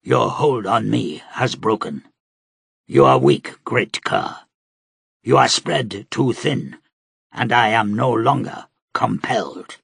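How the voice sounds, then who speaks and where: A man's voice: on the low side, expressive, creaky, fairly bright tone, breathy edge, dry recording, studio quality, heavily acted. A man playing a weary, proud warrior. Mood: defiant. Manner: slow, tired and measured.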